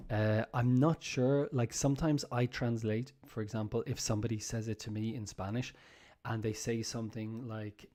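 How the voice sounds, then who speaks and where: A man's voice: medium pitch, steady tone, measured pace, mellow. A man giving a casual live lesson, explaining office phrases by acting out what a boss says. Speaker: English teacher.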